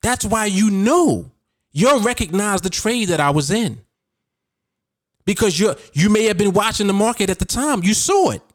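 In a studio-quality recording with no room sound, a high-pitched, animated man talks at a moderate pace. He hosts a podcast as a trading coach, offering casual motivational coaching that is emphatic and repetitive.

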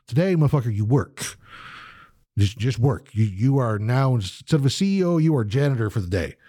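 Male co-host, mid pitch, dry close mic. Profane, ranting, does mocking impressions. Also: lively intonation, brisk, warm tone, husky, no room sound. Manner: ranting, swears constantly, mimics people. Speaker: podcast co-host. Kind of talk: profane casual chat.

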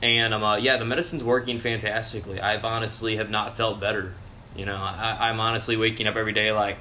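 A young man hosting a casual show, ranting loudly and swearing constantly, with sudden jumps in pitch. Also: level tone, quick pace. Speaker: podcast host.

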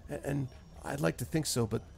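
A man's voice: mid-range voice, brisk, creaky, darkish tone, slight background noise. Man voicing a broken, stammering farmer, humble and desperate. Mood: forlorn. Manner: stammering, repeats words, rural grammar.

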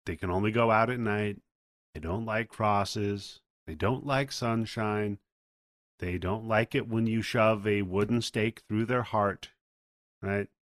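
Low-voiced man recapping a movie. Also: slow, no room sound, clean studio sound. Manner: relaxed storytelling, acts out quotes. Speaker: podcast co-host. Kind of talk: casual plot recap.

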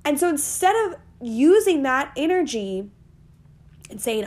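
A woman's voice: high voice, a little slow. A woman, hosting a casual motivational podcast in a chatty, playful way. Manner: animated, chatty, playful with swearing and asides. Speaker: podcast host.

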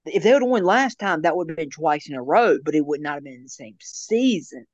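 A young man with a slightly raised pitch rambles through a casual chat, laughing often and restarting sentences. The sound is dull and lo-fi, dry with no room echo. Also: lively intonation, fairly quick.

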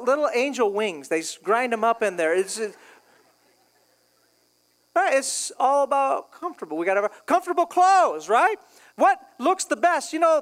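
A man's voice: extremely high pitch, fairly bright tone. A male pastor preaching a sermon in a casual, joking way, acting out quoted voices. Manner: jokey, conversational, acts out quoted voices. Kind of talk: humorous sermon.

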